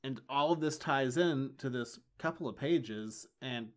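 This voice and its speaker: A man co-hosting a podcast, chatting casually as he recaps comic book issues. He is wry and enthusiastic. His voice sits at an ordinary middle pitch. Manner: enthusiastic, wry, acts out lines in quick bursts. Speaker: podcast co-host.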